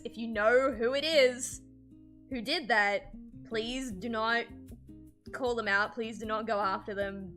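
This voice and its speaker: A woman artist chatting casually on a livestream while drawing, animated and swearing freely, with frequent laughs. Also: on the high side. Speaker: streamer and artist.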